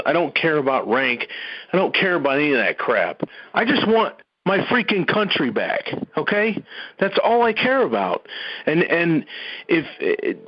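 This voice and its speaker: Emphatic man on a call. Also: on the high side. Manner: folksy and emphatic, with Southern "y'all" and frequent restarts. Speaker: caller speaking on a conference call. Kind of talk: impassioned speech on a call. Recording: dull, muffled phone-call audio.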